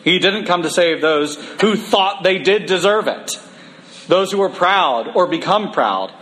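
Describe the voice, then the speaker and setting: A man preaching a sermon in a church, reading scripture and breaking into casual, animated asides. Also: sits high, unhurried, poor audio.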